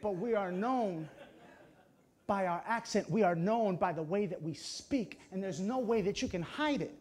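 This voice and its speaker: A man preaching a sermon with passion, swinging between hushed and loud delivery and using dramatic pauses and short emphatic phrases. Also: high voice. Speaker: pastor.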